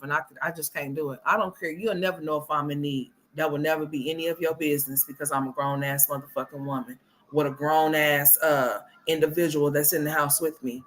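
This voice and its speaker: A woman with a low voice hosts a loose livestream commentary. She talks straight to her viewers, blunt and profane, scolding and calling out names from the chat. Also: a bit bright, slight background noise.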